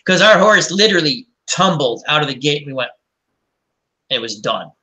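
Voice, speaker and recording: A man's voice: a little high, lively intonation, normal speed, bright, forceful tone. A man hosting a casual chat and telling rambling, anecdotal stories. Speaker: host.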